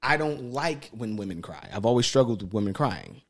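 A man's voice: lowish voice, normal speed. A man talking bluntly and animatedly in a casual podcast chat, swearing freely. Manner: blunt and profane, animated storytelling. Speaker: podcast guest.

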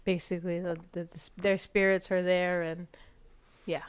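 A woman's voice: on the low side, flat delivery, moderate pace, smooth. A young woman co-hosting a podcast, rambling in casual chat with lots of fillers and restarts. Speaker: podcast co-host.

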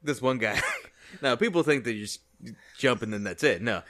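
A man on a casual podcast retelling scenes with animated storytelling, laughing often. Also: mid-range voice, moderate pace. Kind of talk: casual chat.

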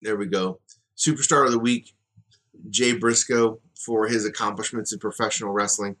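Low-voiced man hosting a casual podcast. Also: steady tone, normal speed, fairly bright tone. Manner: conversational, rambling with fillers and asides. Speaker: podcast host. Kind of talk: solo podcast commentary.

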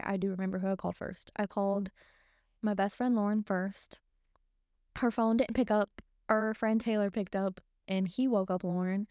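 A woman's voice: mid-range voice, a little mellow, clean tone, no echo, studio quality. A young woman co-hosting a podcast, casually and emotionally retelling a frightening night. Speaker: podcast co-host. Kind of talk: casual storytelling.

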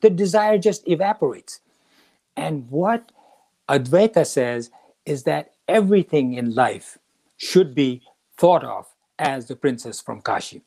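A man's voice: a little high, animated, a little slow, vocal fry, dark tone. A man hosting a spiritual talk, retelling a story in a casual way and acting out the characters' lines. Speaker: podcast host.

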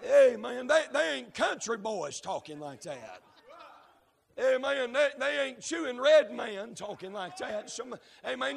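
A man preaching a fervent sermon, breaking into shouts and dropping frequent amens. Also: very high voice, big pitch swings, a little slow, vocal fry, big-room sound.

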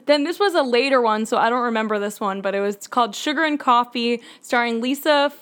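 A young woman with a fairly high voice chats casually, rambling through old memories. She leans on fillers and loose restarts and laughs often as she goes. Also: a little fast, fairly bright tone. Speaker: podcast co-host. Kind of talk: casual chat.

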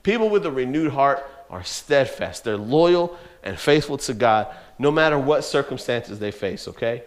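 A man preaching a youth sermon, telling a story with lively, laughing energy and talking straight to the young listeners. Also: medium pitch, normal speed. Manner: animated storytelling, laughs often, addresses listeners as bro. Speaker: youth pastor.

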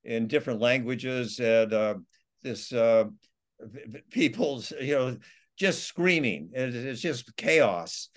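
A man's voice: medium pitch, animated, slow pace. A man, an author being interviewed, telling his survival stories in a rambling way with many restarts. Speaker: author and guest. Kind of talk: storytelling interview.

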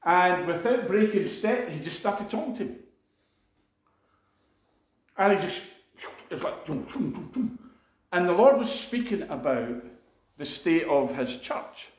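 A man's voice: high-pitched, animated, measured pace, long pauses. Earnest man preaching in an echoey room. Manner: conversational, earnest storytelling with many asides. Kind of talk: sermon testimony.

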